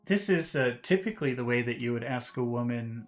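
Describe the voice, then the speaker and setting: A man teaching English, reading a novel aloud and explaining vocabulary in a relaxed way, with many fillers and restarts. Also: medium pitch, fairly quick, hardly any pauses, soft background music.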